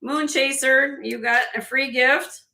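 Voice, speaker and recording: A woman hosts a live jewelry sale, chatting casually and laughing often. Her voice sits a little high and rings sharply bright, with a slight hoarseness from losing her voice. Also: steady tone, slow. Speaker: host and jewelry seller.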